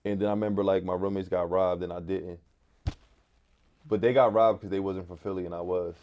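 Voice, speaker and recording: A man's voice: low-pitched, fairly even intonation, a little fast, dull audio, slight background noise. A man from West Philadelphia with a Philadelphia accent, telling stories in a casual interview as a guest, laid-back and full of "like" fillers. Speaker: guest, artist and DJ.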